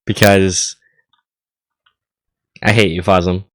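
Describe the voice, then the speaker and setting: A man casting a live esports match, slightly hoarse, excitable and tripping over his words on a headset mic. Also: low voice, slow, no room sound. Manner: excitable, stammering restarts. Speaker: esports caster.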